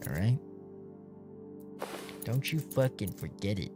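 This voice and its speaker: A male streamer giving profane, excitable, jokey commentary while playing a game. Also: on the low side, slow pace, long pauses. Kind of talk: casual gameplay commentary. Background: game music.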